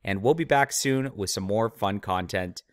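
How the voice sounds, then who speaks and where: A man with a somewhat low voice, hosting his own channel and delivering opinionated commentary full of mocking, scornful remarks. The sound is dry and close, with almost no room around it. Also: normal speed, dry recording. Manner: mocking, sneering asides. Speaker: channel host, author.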